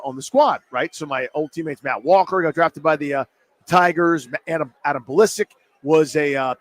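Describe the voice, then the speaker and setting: High-voiced man telling a sports-bar story. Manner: animated, self-mocking storyteller. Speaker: sports radio host. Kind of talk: storytelling on a live sports talk show.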